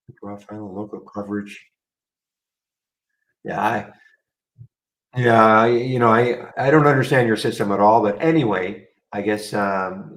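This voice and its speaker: Brief: male host, lowish voice, rambling and dry, live stock-trading commentary. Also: rough recording. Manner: rambling, wry, talks to chat viewers.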